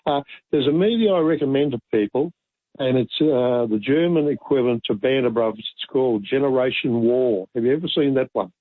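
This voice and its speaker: A man's voice: medium pitch, a little fast, no echo. A man calling in to a radio show, hesitant and full of fillers. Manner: hesitant, lots of uh. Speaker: caller. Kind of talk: phone-in chat. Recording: phone line.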